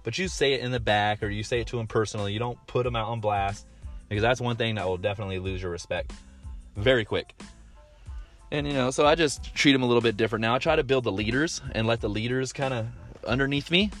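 A man's voice: mid-range voice, quick pace, fairly bright tone, soft background music. A man in his thirties hosting a casual monologue, rambling with lots of fillers and restarts, blunt and swearing freely. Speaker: podcast host.

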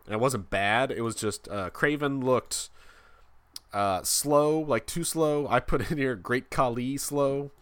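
A man hosting a casual wrestling podcast, rambling and halting with frequent restarts. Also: medium pitch, a bit bright, no room sound. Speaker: podcast host.

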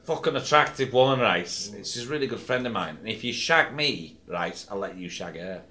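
A man's voice: fairly low pitch, lively intonation, normal speed, pushed and bright. A man putting on a crude Liverpudlian voice to mock a guest, with a swaggering manner. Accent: put-on Liverpool (Scouse).

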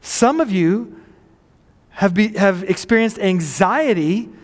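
A man's voice: high voice, animated, slow pace. A man preaching a sermon in a conversational, self-deprecating way, often asking the congregation questions. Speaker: pastor. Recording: long hall reverb.

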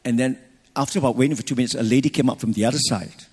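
A middle-aged man with a husky, slightly breathy voice gives a sermon. He tells a personal story with lively, restarting phrasing. His words carry a long echo through a large church hall. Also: mid-range voice, rapid-fire. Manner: animated, personal anecdotes with restarts. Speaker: pastor.

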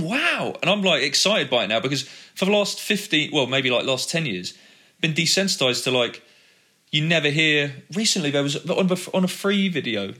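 Brief: male podcast host, quick and bright, rambling, restarts his sentences a lot. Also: medium pitch. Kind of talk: casual chat.

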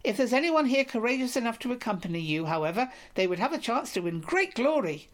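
A stately king from an old storybook, courteous yet commanding, as a woman reader puts him on. His formal questions come a touch higher and brighter than the narration. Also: very animated, fast talker. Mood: courtly. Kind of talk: audiobook reading of a medieval romance.

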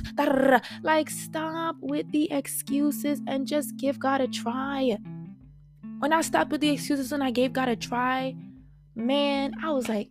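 A woman's voice: high voice, measured pace, over music. A young woman teaching Bible study in a casual, passionate, slangy way, reading scripture and talking it through. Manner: passionate, slangy, animated preaching.

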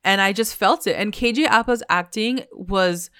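A woman's voice: medium pitch, normal speed, bright, forceful tone, clean tone, dry recording, clean studio sound. A woman chatting casually about a TV episode, filling her talk with "like" and acting out the characters' lines. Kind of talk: casual TV recap chat.

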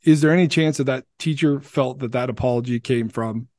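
A man's voice: medium pitch, a little fast, darkish tone, no room sound, clean studio sound. A man co-hosting a podcast, a father speaking candidly and searchingly in casual discussion.

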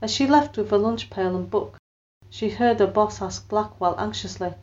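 A woman's voice: medium pitch, normal speed, muffled recording. A woman narrating a story aloud and giving the people in it voices of their own. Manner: expressive storytelling, lifts her voice for quoted lines. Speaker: audiobook narrator. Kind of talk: scripted narration with character voices.

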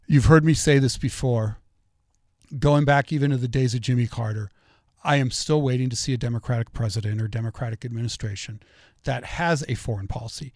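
A man's voice: medium pitch, a little fast, a little mellow, no echo, clean studio sound. A middle-aged man hosting a solo political commentary show, talking in an opinionated, conversational way and telling stories.

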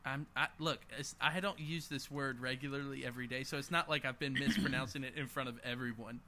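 A young man co-hosting a casual podcast, teasing his friend with quick banter and frequent chuckles. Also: mid-range voice, fairly even intonation, sharp tone, slight background noise. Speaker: podcast co-host.

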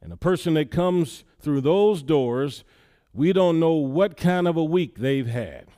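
A male pastor delivers a sermon in a church with a smooth, resonant voice pitched a little high for a man. He preaches in a conversational way, often pausing on a "yeah" between points. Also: lively intonation, warm tone.

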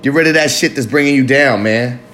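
Briskly and in a medium-pitched, slightly bright voice, a podcast host talks through a confessional monologue on his live recovery show. He's casual and swears, now and then drawing out words.

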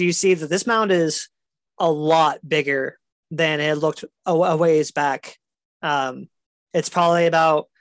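Woman game master, low-pitched, easygoing narration with fillers. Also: no echo. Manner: relaxed, hesitant with fillers.

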